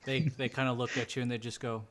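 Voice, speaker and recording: A man's voice: medium pitch, flat delivery, quick pace, a bit bright. A man running a tabletop role-playing game as game master, narrating scenes and speaking for characters.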